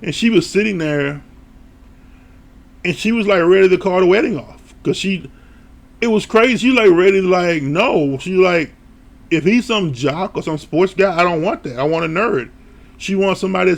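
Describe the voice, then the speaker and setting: Male show reviewer with a gravelly voice; animated, casual recap full of laughs and swearing. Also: sits high, moderate pace. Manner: animated storytelling, laughing often.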